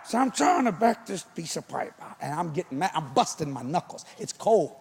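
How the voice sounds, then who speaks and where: A man who preaches, telling a comic story in an animated way and often breaking into shouts. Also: on the high side, moderate pace, gravelly, slightly rough.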